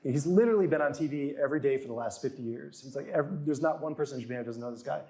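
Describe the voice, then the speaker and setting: A man's voice: mid-range voice, very fast, darkish tone. A man in his forties telling stories in casual chat, acting out quotes in raised voices. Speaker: author and guest. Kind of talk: casual storytelling.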